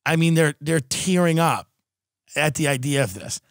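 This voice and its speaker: A man's voice: fairly high pitch, animated, normal speed, gravelly, no room sound, clean studio sound. A man hosting a podcast, delivering a sarcastic, profane comedic rant. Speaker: podcast host.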